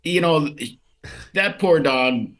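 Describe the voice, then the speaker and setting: A man's voice: on the high side, takes it slowly, fairly bright tone. A man speaking as a guest on a talk show, plain-spoken and subdued in casual conversation. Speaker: guest, state senator.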